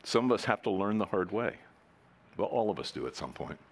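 A man's voice: lowish voice, sing-song, a little fast. A middle-aged man preaching a sermon in a conversational, joking way, acting out the voices of the people in his stories. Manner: conversational, jokey, acts out quoted voices. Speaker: pastor.

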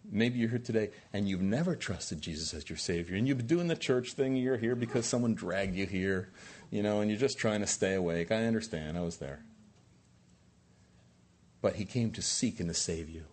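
Male pastor, husky voice, lively swooping delivery, preaching with emphatic rhetorical questions. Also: lowish voice, normal speed. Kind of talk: sermon.

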